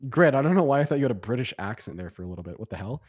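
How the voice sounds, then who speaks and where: Fast-talking young man hosting a stream. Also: medium pitch, big pitch swings, lo-fi sound. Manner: rambling, filler-heavy, sarcastic. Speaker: livestream debate host. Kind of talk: casual livestream chat.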